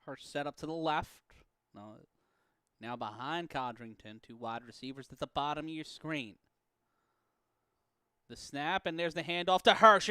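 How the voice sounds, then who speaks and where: A man calling an amateur football game play-by-play, profane and prone to erupting into shouts and laughter on big plays. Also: fairly high pitch, clean tone, no echo, clean studio sound. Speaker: play-by-play commentator. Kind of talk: sports commentary.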